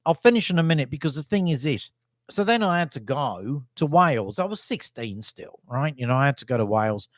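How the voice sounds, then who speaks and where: Middle-aged English man, mid-pitched voice, dry close sound, rambling self-mocking vlogger. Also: big pitch swings, fairly quick, no room sound. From England. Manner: rambling, self-deprecating, chuckling asides. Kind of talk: casual storytelling monologue.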